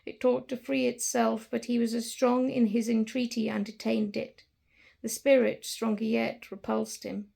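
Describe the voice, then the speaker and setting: A woman narrating a classic story with an expressive, dramatic reading. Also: on the high side, moderate pace, gravelly.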